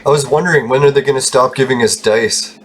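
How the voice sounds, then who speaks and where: Brief: male gaming host, mid-pitched, chuckling, foul-mouthed rambling, faint hiss behind. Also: fast talker, a bit bright. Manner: laughs often, swears freely, rambling. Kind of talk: casual gameplay commentary.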